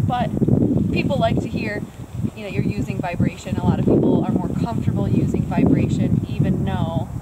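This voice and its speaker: A woman dog trainer with a mid-range voice chats casually outdoors as she works, explaining her method. She is in a quiet, snowy open area, but the recording is very noisy.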